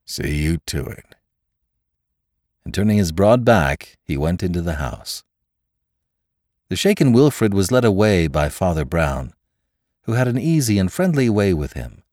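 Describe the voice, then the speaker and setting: A man narrating a classic story as a podcast host, in measured, expressive storytelling. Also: deep voice, dry recording, clean studio sound. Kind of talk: audiobook narration.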